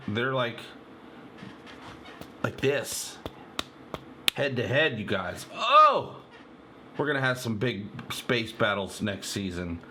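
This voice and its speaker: A man hosting a casual fan video, talking excitedly and rambling with lots of fillers as he breaks down a trailer for viewers. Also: medium pitch, slight background noise. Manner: excitable, rambling, many fillers, addresses viewers as "you guys". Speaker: channel host.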